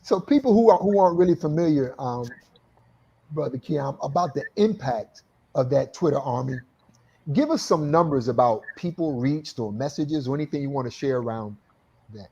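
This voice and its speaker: A man's voice: a little high, lively intonation, moderate pace, dark tone, slightly rough, lo-fi sound. A man hosting a panel discussion, asking guests follow-up questions. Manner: prompting, asks follow-up questions. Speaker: panel host.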